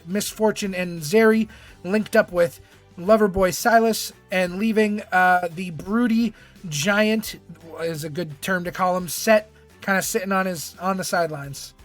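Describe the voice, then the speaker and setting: A man with a high, bright-edged voice hosts a live stream, cracking jokes and swearing freely as he recaps. Faint music plays quietly beneath his talk. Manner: profane, joking, laughs often. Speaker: streamer host. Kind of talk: casual live-stream commentary.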